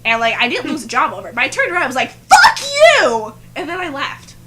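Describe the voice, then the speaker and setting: A young woman in her twenties, a podcast co-host, telling a story in animated casual chat full of "like". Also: high voice, racing, very noisy.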